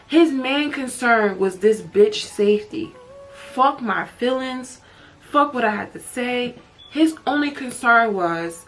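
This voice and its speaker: A woman telling a personal story in a storytime vlog, emotional and candid, swearing and saying "like" often. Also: fairly high pitch. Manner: emotional, candid, heavy use of "like" and profanity. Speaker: vlogger.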